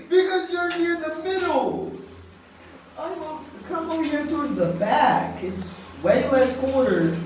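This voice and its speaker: A man's voice: extremely high pitch, takes it slowly, heavy reverb, far from the mic, poor audio. Young male vlogger, laid-back and jokey, recorded off-mic with faint background noise. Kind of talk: casual vlog commentary.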